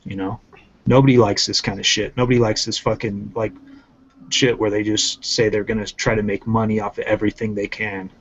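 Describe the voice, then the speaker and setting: A man's voice: lowish voice, level tone, a little fast, slight background noise. Profane ranting man, muffled audio. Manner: profane, emphatic, repetitive ranting. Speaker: channel host. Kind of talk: casual ranting commentary.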